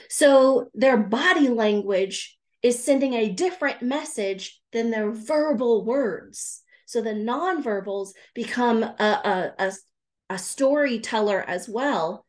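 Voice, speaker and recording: A woman's voice: fairly high pitch, lively intonation, takes it slowly. Earnest woman speaking to a live audience. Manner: earnest, repeats words for emphasis, greets viewers mid-talk. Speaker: grief recovery specialist. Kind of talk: live-streamed talk to viewers.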